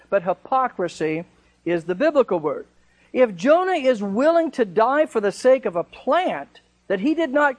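Bible study teacher, man, higher voice, chatty, asks questions of the group. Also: rough recording. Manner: conversational, asks rhetorical questions.

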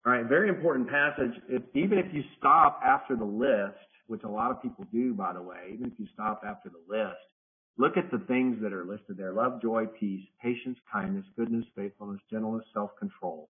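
A man's voice: fairly low pitch, a little fast. A man leading a Bible study lesson, talking conversationally and often restarting phrases as he teaches a group in person and remotely. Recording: phone-like narrow audio.

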